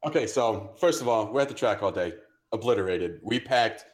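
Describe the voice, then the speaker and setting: A young man co-hosting a podcast, telling a story in casual chat with animated, profane energy. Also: fairly low pitch, normal speed. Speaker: podcast co-host.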